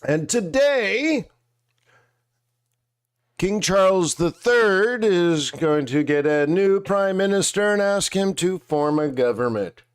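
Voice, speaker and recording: A man's voice: sits high, expressive, a little slow, few pauses, clean tone. A man hosting a live market show, chatting casually and joking, eating and drinking on air. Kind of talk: casual live-stream chat.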